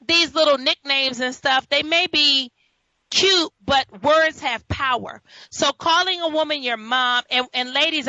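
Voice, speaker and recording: A woman's voice: high-pitched, dry recording. A woman from New York hosting a talk show, telling stories in casual chat with laughing asides. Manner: storytelling, laughing, animated asides. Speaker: host. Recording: dull lo-fi audio.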